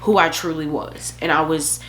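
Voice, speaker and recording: A woman's voice: deep voice, fairly even intonation, moderate pace, a bit bright, slight background noise. A young woman vlogger telling a candid, emotional personal story, joking at her own expense.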